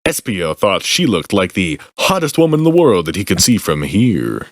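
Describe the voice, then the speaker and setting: Man, podcast host, deadpan reading, lively pitch, slow, dry close sound. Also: dry recording. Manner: slow, deadpan, breaking into laughter. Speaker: podcast host reading fan fiction aloud.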